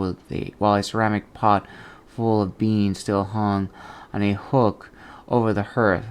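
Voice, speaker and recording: Low, smooth-voiced man reading aloud. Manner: steady, measured, with small slips and restarts. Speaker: book channel host.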